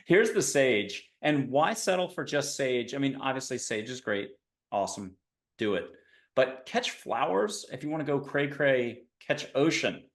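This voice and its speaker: A man hosts a casual interview, rambling from one thought to the next and slipping in dad jokes. His voice sits at a middle pitch and rings a little in an echoey room. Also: animated, unhurried. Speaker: podcast host. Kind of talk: casual video-call interview.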